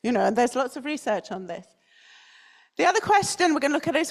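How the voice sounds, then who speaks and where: A conference speaker from North London, with a standard British accent, gives a chatty talk in a conference hall and puts questions to the audience. Her voice is high-pitched and sing-song, and she talks fast.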